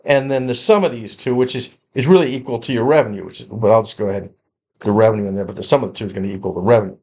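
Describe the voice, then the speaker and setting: A man's voice: fairly low pitch, rapid-fire, darkish tone, husky. Casual man talking through a spreadsheet lesson. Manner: conversational, repeats and restarts while working through a spreadsheet. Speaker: accounting instructor. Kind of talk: screen-recorded lecture walkthrough.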